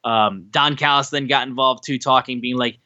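Bright-voiced male wrestling recap co-host. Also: medium pitch, moderate pace, lo-fi sound. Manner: animated retelling, acts out quotes. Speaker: podcast co-host.

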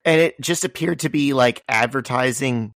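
A man's voice: mid-range voice, normal speed, a bit bright, no echo, clean studio sound. A man co-hosting a podcast in casual chat, making wry jokes and explaining comic history. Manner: wry, joking asides and background explanations. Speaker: podcast co-host.

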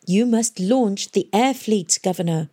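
A woman reading an audiobook, voicing a patient, commanding woman leader who speaks slowly and firmly. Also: medium pitch, warm tone, voice pushed up, lightly acted. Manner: slow, measured and firm. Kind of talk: audiobook character voice.

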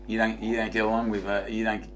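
A man, co-hosting a podcast in animated, rambling casual banter. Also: fairly low pitch, fast, roomy sound, soft background music. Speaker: podcast co-host.

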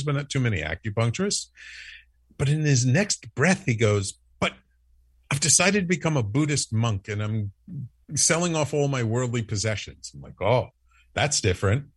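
A man telling a story in a casual interview, acting out the quoted lines with lively, animated delivery. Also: mid-range voice, brisk, breathy edge, no room sound. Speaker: podcast network founder, guest.

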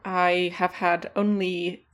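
A woman's voice: lowish voice, flat delivery, slow. Swearing, fuming woman co-host. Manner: furious, heavy swearing rant. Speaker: podcast co-host. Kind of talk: casual chat.

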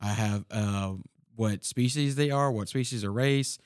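A soft-spoken man co-hosting a podcast about tabletop games, chatting casually. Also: on the low side, a little slow, smooth, no room sound, studio quality. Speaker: podcast co-host, game master. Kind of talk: casual chat.

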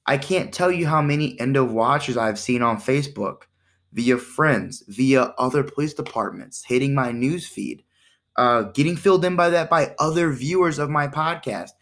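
Animated man hosting a casual podcast. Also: mid-range voice, moderate pace. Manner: animated, acts out quoted exchanges in shifting voices; conversational, with repeated "right?" and "you know". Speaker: podcast host.

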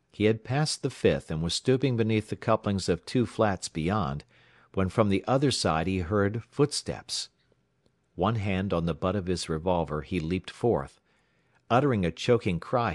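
A man reading an adventure story aloud in a measured, even manner. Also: low voice, no room sound, clean studio sound. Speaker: audiobook narrator. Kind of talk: scripted story narration.

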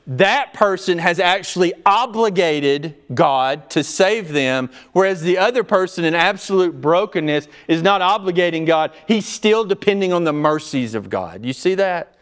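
A male pastor preaching an expository sermon, swinging between loud urgent emphasis and low, quiet asides. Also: expressive, moderate pace, hardly any pauses, clear, resonant tone.

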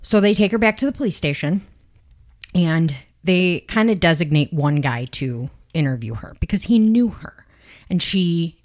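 A woman's voice: on the low side, moderate pace. A woman hosting a podcast, casually retelling a true crime story with lots of swearing and acted-out quotes. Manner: casual, animated, swears freely, acts out quotes. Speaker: podcast host.

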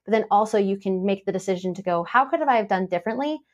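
A woman on a podcast, coaching and telling a story with lively quoted voices. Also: medium pitch, fast, highs cut off. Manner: animated storytelling, acts out quoted dialogue. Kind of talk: casual podcast conversation.

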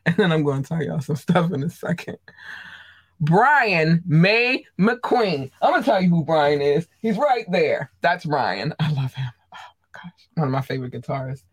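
A host of a live streamed show, chatting casually with viewers, excitable and gushing, tripping over words. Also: medium pitch, a little fast, few pauses, breathy edge, dry recording. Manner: addresses viewers directly, chatty.

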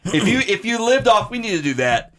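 A man's voice: high voice, very animated, fast, fairly bright tone. A man co-hosting a podcast, talking in a rambling, sarcastic, joking way. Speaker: podcast co-host. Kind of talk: casual chat.

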